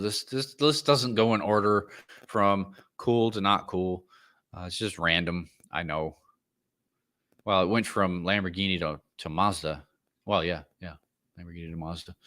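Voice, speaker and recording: A man from the US talks casually on his podcast, swearing freely and getting heated over his opinions. His voice sits a little low but has a bright, forceful edge. He rants loudly and then offers apologies he doesn't mean. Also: unhurried. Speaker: podcast host. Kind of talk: casual ranting commentary.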